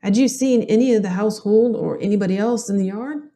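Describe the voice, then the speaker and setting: A woman's voice: mid-range voice, fairly quick, mellow, close to an everyday voice. A woman with a Southern US accent reading a male inquest questioner's formal, probing questions. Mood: questioning.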